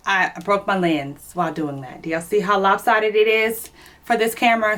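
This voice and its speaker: Out of breath woman doing a try-on haul, chatty, calls everyone y'all, bright voice a bit far from the mic. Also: medium pitch. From Louisiana. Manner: chatty, addresses viewers as y'all. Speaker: fashion vlogger. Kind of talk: casual try-on haul chat.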